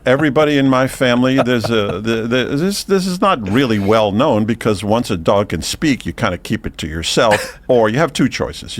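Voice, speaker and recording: A man's voice: fairly low pitch, close to an everyday voice. A man voicing a talking male dog, a worldly former professor who rambles wryly and chuckles often.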